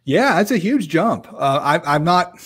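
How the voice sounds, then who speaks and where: A man's voice: a little high, big pitch swings, measured pace, a bit bright, slightly rough. A man from the American South hosting a live-stream podcast in a casual, self-deprecating way, reading out viewer comments. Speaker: podcast host.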